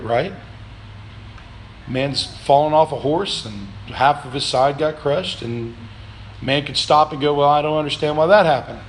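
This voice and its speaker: A man pastor preaching a sermon in a church, calling for answers from the congregation, swinging between loud, shouted pleas and low, quiet reflection. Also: a little hiss or hum. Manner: preaching with call-and-response, rising to shouts then dropping low. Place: church sanctuary.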